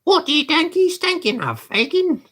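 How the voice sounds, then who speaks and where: Guy doing a sharp-tongued young thief, high voice, jumpy delivery. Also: sing-song, moderate pace, full character voice. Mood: needling. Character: cocky young male pickpocket, needling.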